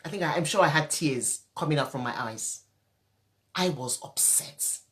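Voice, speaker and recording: A woman's voice: deep voice, moderate pace. A woman parenting coach, upset and teary, speaking emphatically in a live stream and repeating her key points. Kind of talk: emotional live-stream talk.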